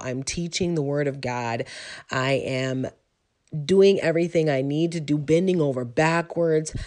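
Reflective woman telling her life story. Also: low voice. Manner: reflective and conversational, with frequent ums. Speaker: teacher sharing a personal story. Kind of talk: personal testimony storytelling.

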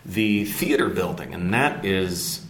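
Man, lowish voice, halting, podcast host, roomy echo. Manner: hesitant, many "uh" fillers and restarts. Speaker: podcast host, business lecturer. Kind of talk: casual podcast interview. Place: campus room by a window.

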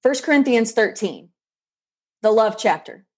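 A woman's voice: fairly high pitch, lively intonation, a little slow, a little mellow. A woman guest on a faith-based leadership podcast, talking in emphatic, preacher-like bursts.

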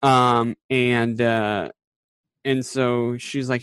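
A man's voice: medium pitch, measured pace, clean tone, dry recording. A man in casual podcast chat, recapping a TV episode in a rambling way, with lots of fillers and quoted lines acted out. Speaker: podcast co-host.

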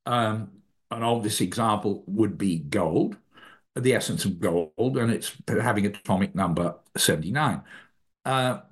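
A man being interviewed as an author, explaining ideas thoughtfully, pausing and correcting himself often. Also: fairly low pitch. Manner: thoughtful, halting, self-correcting. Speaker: author guest. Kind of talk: academic interview answer.

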